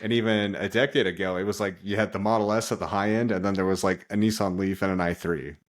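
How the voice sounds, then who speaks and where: A man hosting a casual podcast interview, relaxed and loose, often saying "kinda" and "like". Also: low-pitched, quick pace. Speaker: podcast host.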